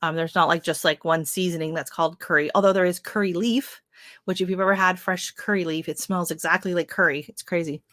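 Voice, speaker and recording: A woman's voice: on the low side, fairly even intonation, brisk, a bit bright, no echo, clean studio sound. A woman hosting a live stream, chatting casually with viewers, greeting them by name and rambling with lots of fillers. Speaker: livestream host. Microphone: livestream setup.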